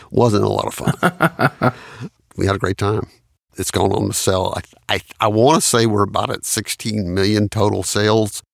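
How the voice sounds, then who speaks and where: A man's voice: lowish voice, creaky, no echo. A man, a studio engineer and producer telling anecdotes in an interview and laughing often. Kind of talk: storytelling in an interview.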